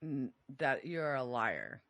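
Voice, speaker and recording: A woman's voice: a bass voice, sing-song, slow pace, a bit bright. A woman co-hosting a podcast, answering quiz questions in a laid-back, wry way and laughing easily. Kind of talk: casual podcast chat.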